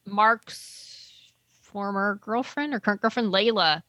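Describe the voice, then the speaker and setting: Bright-voiced woman rambling through a recap. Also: medium pitch, takes it slowly, dry recording. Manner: rambling, trails off searching for names. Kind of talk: casual chat recapping a TV episode.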